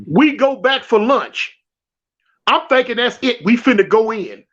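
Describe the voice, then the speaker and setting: A man from South Central Los spins a prison story in slang, repeating himself and acting out each quote. His voice sits very high. The recording sounds dull and lo-fi. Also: lively intonation, a little slow, fairly bright tone. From South Central Los Angeles. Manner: acts out quotes, repeats and restarts phrases, slangy. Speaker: guest telling a prison story. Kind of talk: animated storytelling.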